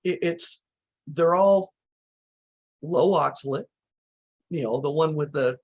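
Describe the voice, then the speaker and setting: Woman host, a bit hoarse, casual recipe chat with lots of fillers. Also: low voice, slow pace. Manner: relaxed, chatty, many "you know" fillers. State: slightly hoarse, losing her voice.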